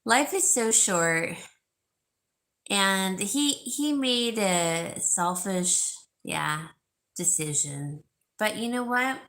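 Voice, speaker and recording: A woman's voice: mid-range voice, animated, drawn-out words, fairly bright tone. A woman hosting a live sale stream, chatting casually and reading viewer comments, rambling with fillers and restarts. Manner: gushing, repeats herself for emphasis.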